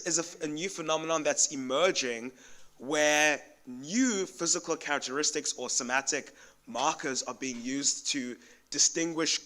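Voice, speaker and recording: Bright-voiced South African panelist man. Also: a little high, measured pace. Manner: thoughtful, self-correcting, conversational. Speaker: conference panelist. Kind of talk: academic panel response. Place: conference venue.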